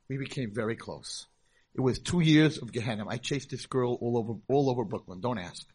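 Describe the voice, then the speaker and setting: A middle-aged man, a rabbi, telling a story to a convention audience in a lively way and acting out the voices in it. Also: mid-range voice, brisk, breathy edge. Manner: animated storytelling, acts out voices in dialogue. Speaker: rabbi and speaker. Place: convention hall, live talk.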